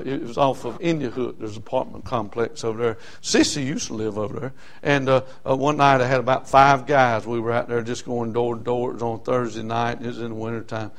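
A middle-aged man preaches a sermon full of homespun stories, frequently pausing on "uh, uh" fillers before building to loud emphasis. His voice is medium-pitched and creaky.

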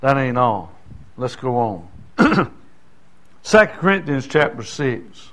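A man's voice: mid-range voice, very animated, slow pace, fairly bright tone. An older man preaching a sermon in a folksy, conversational way, often asking the congregation "Amen?". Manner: folksy, conversational preaching with call-and-response asides.

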